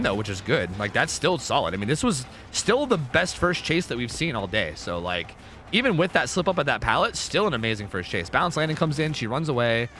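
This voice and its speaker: A man streaming live, chatting casually with viewers and commentating a match in an excitable, profane manner. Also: fairly high pitch, slight background noise.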